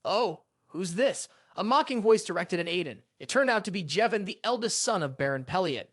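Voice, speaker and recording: A man's voice: high voice, animated, quick pace, fairly bright tone, no room sound, studio quality. A man narrating a story recap in a scripted reading style, voicing the characters' lines in his own narrating voice. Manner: reads every character's lines in the same narrating voice.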